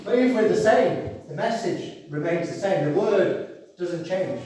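A man's voice: high-pitched, lively intonation, unhurried, mellow, a little hiss or hum. A man preaching a sermon in a church, earnest and rousing, reading scripture aloud. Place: church hall. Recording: echoey church hall from far off.

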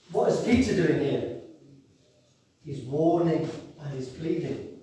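A man's voice: fairly high pitch, expressive, slow pace, mellow. A man preaching a sermon in a church, earnest and rousing, reading scripture aloud. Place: church hall. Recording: echoey church hall from far off.

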